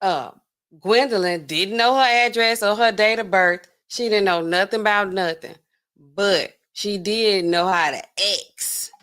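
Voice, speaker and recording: A woman with a Southern US accent hosting a podcast, telling stories in a slangy, laughing, animated way and acting out other people's voices. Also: medium pitch, a little slow. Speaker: podcast host. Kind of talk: casual storytelling commentary.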